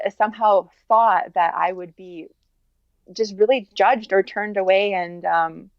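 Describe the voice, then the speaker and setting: An earnest woman telling her story in an interview, her voice sitting at an ordinary middle pitch as she circles back and restarts her sentences. The sound is dry and a little dull. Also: no echo. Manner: earnest, talks in halting restarts with many likes. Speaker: interview guest. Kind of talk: candid personal interview.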